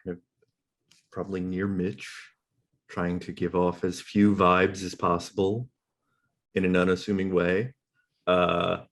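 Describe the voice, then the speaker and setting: A man's voice: low voice, level tone, unhurried, pauses often. A man playing a tabletop game, tentative and vague. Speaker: player.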